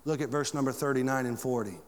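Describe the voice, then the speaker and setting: A male pastor preaching a sermon to his church, with big swings in pitch and volume. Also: steady tone, fast talker, big-room sound.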